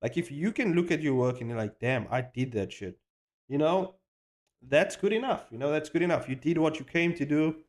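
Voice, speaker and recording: Excitable, foul-mouthed man streaming his animation. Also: fairly high pitch, a little fast. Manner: excitable, swears freely, hypes himself up; rambling with frequent restarts and slang. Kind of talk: casual live-stream chat while animating.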